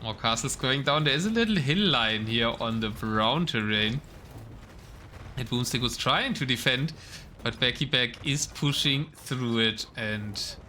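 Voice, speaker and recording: A young esports caster with a high, bright, forceful voice casts a strategy game live, with a little hiss or hum on the audio. His casual play-by-play drifts into chatting with the live chat between calls.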